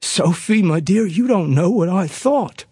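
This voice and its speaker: A man's voice: sits high, expressive, unhurried, dark tone, breathy edge, no echo, clean studio sound, pitched above the performer's own voice, exaggerated voice. A man voicing a small, aging, remorseful husband in a read-aloud story, pleading and penitent.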